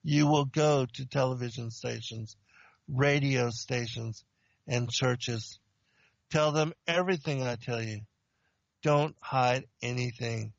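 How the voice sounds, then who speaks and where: A man's voice: medium pitch, creaky, no room sound, lo-fi sound. A man voicing a stern prophesying angel. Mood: solemn warning. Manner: solemn, slow, commanding pronouncements. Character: stern male angel of God, solemn warner.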